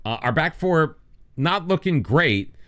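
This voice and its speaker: A man's voice: a little high, animated, unhurried, a bit bright. An American man casually commenting over a football management game, mixing play-by-play calls with joking, self-deprecating asides. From United States. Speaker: gaming YouTuber.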